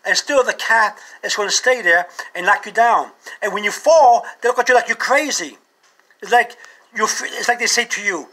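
A man vlogging a comic monologue to camera, animated and full of rhetorical questions. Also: sits high, fairly quick.

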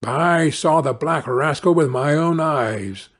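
A gullible miller who marvels at everything, as a man puts him on. Low, drawn-out and husky in tone. Storybook audiobook voice work. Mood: amazed. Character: gullible, greedy male miller, easily amazed.

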